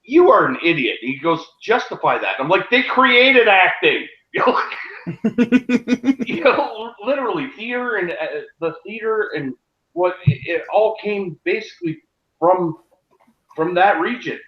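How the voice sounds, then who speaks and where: Animated man on an echoey lo-fi mic. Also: sits high, measured pace. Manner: animated, acts out quotes, laughs. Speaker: podcast co-host. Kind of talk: casual chat on a live stream.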